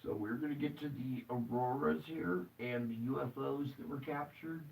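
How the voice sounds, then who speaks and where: A weary man talks his viewers through a map in loose, casual commentary, yawning and wandering off course before catching himself. His voice has a gravelly, fry-edged texture at an ordinary middle pitch. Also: normal speed, a little mellow, slight background noise. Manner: rambling, jokey and self-interrupting. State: tired, yawning. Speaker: show host. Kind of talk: casual commentary over maps.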